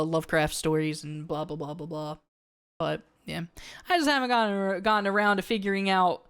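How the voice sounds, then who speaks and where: A woman's voice: mid-range voice, smooth. A woman streamer chatting casually to her live audience, rambling with many fillers and restarts and answering viewer comments. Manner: reads viewer comments aloud and answers them.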